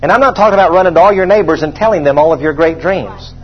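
A man preaching a sermon, emphatic and repetitive, rising to loud proclamations when he reads scripture. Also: a little high, rapid-fire, soft background music. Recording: dull lo-fi sound.

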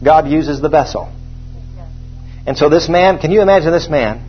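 A man preaching a sermon, emphatic and repetitive, rising to loud proclamations when he reads scripture. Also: a little high, moderate pace, soft background music. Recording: dull lo-fi sound.

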